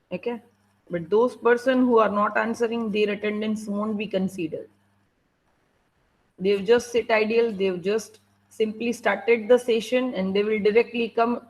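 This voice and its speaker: A woman's voice: fairly high pitch, rough recording. A woman teacher with an Indian English accent running an online class over a video call, strict and impatient as she prods students to answer.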